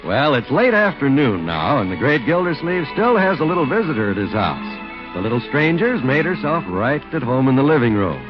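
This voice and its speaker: A man announcing on a 1940s radio show, with brisk, smooth sales patter. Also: medium pitch, very animated. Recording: dull 1940s radio recording with music.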